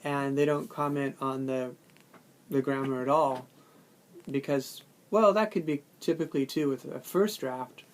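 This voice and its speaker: A man's voice: medium pitch, unhurried. A man talking through a textbook chapter on classroom feedback, informal and thinking aloud with many fillers and restarts, sometimes acting out student and teacher lines. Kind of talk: casual lecture recording.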